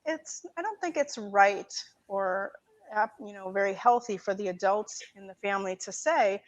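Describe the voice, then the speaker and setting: A woman guest in a casual conversation who rambles, restarts her sentences and grows animated when she makes a point. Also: medium pitch, moderate pace. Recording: dull lo-fi audio.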